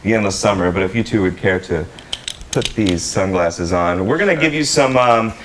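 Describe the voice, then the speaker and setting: A man hosts a live comedy game show, upbeat and joking, his voice fairly low and his pace moderate. Loud audience laughter and noise fill the recording.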